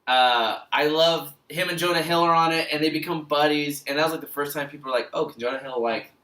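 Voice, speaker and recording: A man co-hosting a casual movie chat, animated, laughing often and acting out quotes. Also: a little high, fast. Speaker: podcast co-host. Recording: echoey room, mic at a distance.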